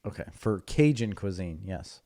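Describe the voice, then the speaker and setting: Joking low-voiced podcast co-host. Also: male voice, lively intonation, dark tone. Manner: joking, quick to dispute facts. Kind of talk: casual chat.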